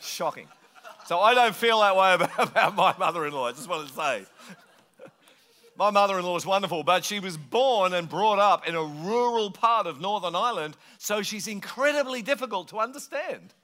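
Man preaching, high voice, bright tone, chatty, joking sermon. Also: lively intonation, normal speed. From England. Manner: conversational, joking, mimics accents. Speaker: pastor.

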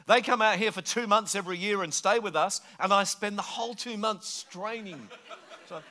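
A man's voice: high voice, normal speed, pushed and bright. A man from England preaching a sermon in a conversational, joking way, slipping into mimicked voices. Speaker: pastor.

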